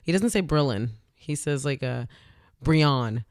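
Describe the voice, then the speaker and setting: A woman comedian chatting as a podcast guest, jokey and quick to laugh. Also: deep voice, lively intonation, darkish tone, no room sound, clean studio sound. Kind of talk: casual interview chat. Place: home recording.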